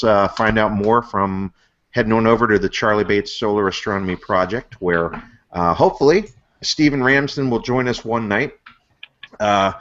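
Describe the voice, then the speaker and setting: A man hosting a casual online astronomy hangout, talking with lots of "uh" fillers and upbeat shout-outs over a video call. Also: on the low side, lo-fi sound. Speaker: host.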